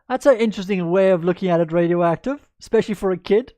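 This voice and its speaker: A woman's voice: on the low side, warm tone, no echo. A woman chess coach in a livestreamed lesson, chatty and upbeat, answering viewers by name as she goes through moves.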